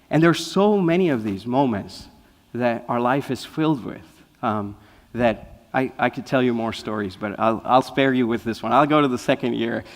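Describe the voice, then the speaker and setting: Male guest speaker, lively storyteller, mid-pitched, long hall reverb. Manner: lively storyteller, often asking "right?". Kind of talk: anecdotal inspirational talk. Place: spiritual center hall.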